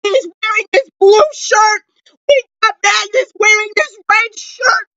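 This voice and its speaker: A teenage TV reviewer in a bedroom, loud and excitable, close to tears as they react to a show. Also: extremely high pitch, a little slow, no room sound, muffled recording. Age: late teens. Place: bedroom at home.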